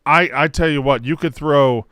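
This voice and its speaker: A man's voice: on the high side, normal speed, pushed and bright, clean tone, no room sound. A man co-hosting a sports podcast in casual studio chat, joking and ranting with plenty of swearing. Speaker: podcast co-host.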